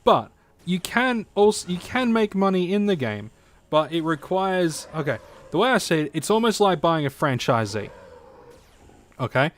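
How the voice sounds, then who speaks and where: A man with a high, sing-song voice talks at a moderate pace while streaming a game. He chats casually with viewers, rambling with lots of fillers and swearing freely, picked up by a desk mic in his home streaming setup.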